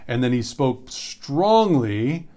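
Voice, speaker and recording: Man, pastor, bible study teaching, mid-pitched voice, conversational, repeats for emphasis. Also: big pitch swings, dark tone. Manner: conversational, repeats phrases for emphasis, reads scripture slowly.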